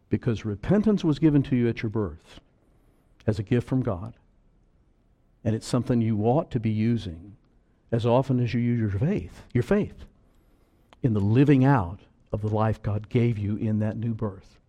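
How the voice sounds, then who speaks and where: A man preaching a sermon, earnest and slow on key words, breaking into sudden loud bursts of urgency. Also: lowish voice.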